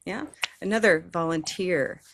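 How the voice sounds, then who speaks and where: A woman's voice: fairly low pitch, vocal fry, fairly bright tone, a little hiss or hum. American woman teaching pronunciation. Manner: encouraging, models phrases slowly. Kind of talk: online class instruction. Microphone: video call.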